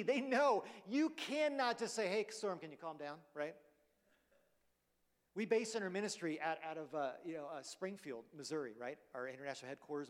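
A man delivers a sermon in a relaxed, conversational way, often tossing in "right?" to the congregation. His voice sits a little high for a man. The sound rings out with the long reverb of a big church hall. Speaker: preacher.

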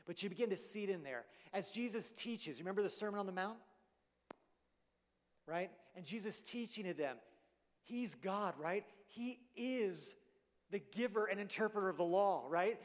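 A man delivers a sermon in a relaxed, conversational way, often tossing in "right?" to the congregation. His voice sits a little high for a man. The sound rings out with the long reverb of a big church hall. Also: normal speed. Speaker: preacher.

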